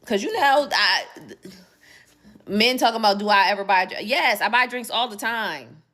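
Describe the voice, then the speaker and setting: A woman's voice: mid-range voice, normal speed, bright, forceful tone. A woman in her forties animatedly telling a personal story, emphatic and acting out the dialogue. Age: 40s. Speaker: social media poster. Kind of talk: casual storytelling clip.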